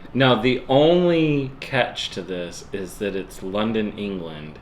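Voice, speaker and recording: A young American man with a somewhat low voice tells stories in a relaxed, chuckling way as a vlogger. The room rings with echo and a faint hiss sits behind him. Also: slow. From United States. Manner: laid-back storytelling, chuckles. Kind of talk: casual couple chat to camera.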